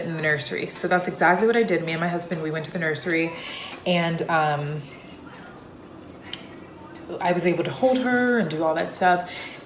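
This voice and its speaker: Young woman vlogger, slightly low voice, chatty storyteller, roomy echo. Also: slight background noise. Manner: chatty, loose, with frequent fillers. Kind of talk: casual personal storytelling to camera. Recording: echoey room.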